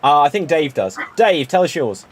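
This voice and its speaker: A man hosting an improv comedy show, briskly calling on players one after another. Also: fairly high pitch, very animated. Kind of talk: live improv game hosting.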